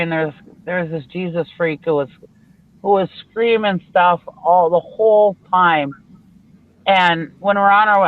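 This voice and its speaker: A woman's voice: fairly low pitch, phone-quality sound. A woman from Minnesota chatting bluntly on a video call, telling stories with frequent laughter. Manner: blunt, chatty storyteller who laughs often. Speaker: live show regular. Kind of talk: casual chat. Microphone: online video call.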